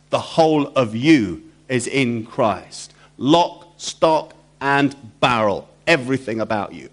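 A man's voice: medium pitch, expressive, slow, hardly any pauses. A man preaching a sermon, emphatic and repetitive, throwing rhetorical questions to the congregation.

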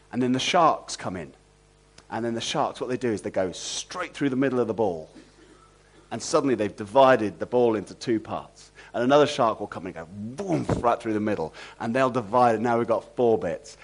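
A male preacher delivering a sermon with lively, animated energy. He talks at a mid pitch and keeps turning to the congregation with rhetorical questions. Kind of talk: expository sermon.

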